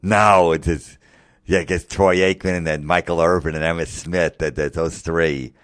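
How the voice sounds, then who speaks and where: A man putting on a slow, dopey sports-fan guy. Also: deep voice, fairly even intonation, dry recording, close to an everyday voice. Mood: dopey, earnest. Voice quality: slow, dim-witted drawl. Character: dopey middle-aged sports-obsessed man. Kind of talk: stand-up rant impression.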